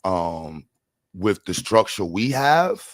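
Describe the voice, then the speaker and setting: Energetic New livestream host. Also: male voice, deep voice, slow pace, dry recording. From New York. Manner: energetic, repeats words, slangy, shouts out chat. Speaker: livestream host raising funds for a school. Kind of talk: casual livestream chat.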